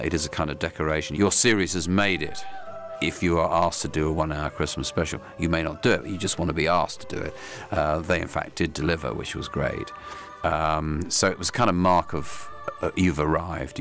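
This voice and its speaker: A man reflects in an interview, measured and thoughtful, his voice extremely low. Music plays clearly behind him. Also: steady tone, a bit bright.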